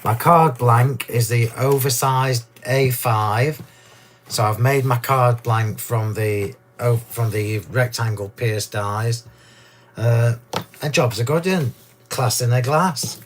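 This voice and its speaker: A man hosting a card-making demonstration, chatty and gushing, a little hoarse from losing his voice. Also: medium pitch, slow, slight background noise. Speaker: crafting demo host.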